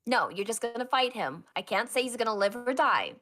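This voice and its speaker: A woman's voice: on the high side, animated, fairly quick, fairly bright tone. A woman acting as game master, narrating a tabletop role-play with dramatic, stammering storytelling.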